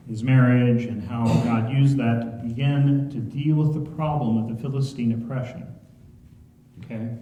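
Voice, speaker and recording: Man, church Bible study teacher, mellow voice, echoey hall, dull lo-fi sound. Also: medium pitch. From Ohio. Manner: conversational, asks the room questions. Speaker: pastor leading Bible study. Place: church sanctuary.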